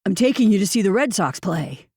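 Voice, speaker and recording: An eager young man from a romance audiobook, coaxing and upbeat, as a woman narrator voices him. The delivery stays close to her own gravelly, dark voice, recorded dry. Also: medium pitch, sing-song, a little fast, dry recording.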